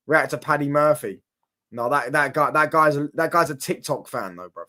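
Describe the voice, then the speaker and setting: A man's voice: fairly high pitch, brisk, sharp tone. A brash, sweary young man giving rambling reaction commentary on football. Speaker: football watchalong streamer.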